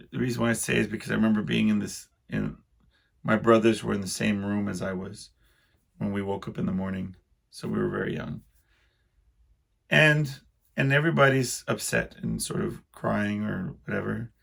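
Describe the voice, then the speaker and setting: Gravelly-voiced man rambling solo. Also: on the low side, fairly bright tone. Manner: rambling, self-deprecating, halting restarts. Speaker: podcast host. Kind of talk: casual solo monologue.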